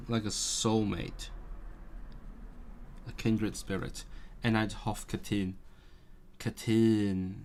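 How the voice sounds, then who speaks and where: A man's voice: lowish voice, slight background noise. A man live-streaming his language study, thinking aloud and sounding out words, correcting himself as he goes. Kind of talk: casual live stream talk.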